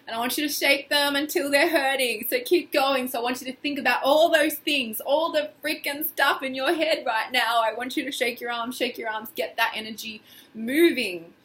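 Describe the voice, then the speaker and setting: Bright-voiced woman guiding a tapping session. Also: high voice, moderate pace. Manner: casual, expressive, acts out feelings in quoted phrases. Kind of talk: guided tapping exercise.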